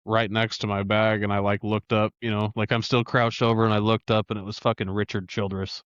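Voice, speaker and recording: A man in his thirties with a low, smooth voice tells profane, lively stories on a casual podcast. The sound is dry and a bit dull, like a home mic. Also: a little fast, no room sound. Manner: profane, animated storyteller. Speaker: podcast co-host.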